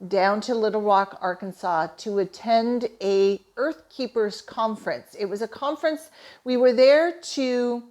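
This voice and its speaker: A woman's voice: on the high side, unhurried, darkish tone. A middle-aged woman from Canada, a holistic therapist, telling a personal story with earnest, emotional enthusiasm. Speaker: holistic therapist and manifesting coach.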